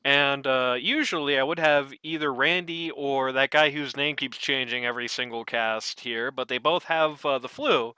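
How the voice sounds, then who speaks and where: A man's voice: medium pitch, normal speed, few pauses, bright, forceful tone, clear, resonant tone, no room sound. A man casting an esports match in a chatty, joking way, swearing casually as he talks through the draft. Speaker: esports caster. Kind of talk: casual game commentary.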